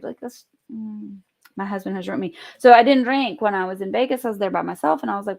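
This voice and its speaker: A woman vlogging at home, telling a story in an animated, chatty way and swearing freely. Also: mid-range voice, a little fast, vocal fry. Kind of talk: casual storytelling vlog.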